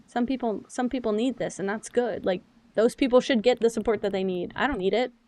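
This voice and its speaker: Her voice sits on the high side and moves briskly as this young adult streamer chats openly through her gaming session. She's chatty and animated, a self-professed loud yapper.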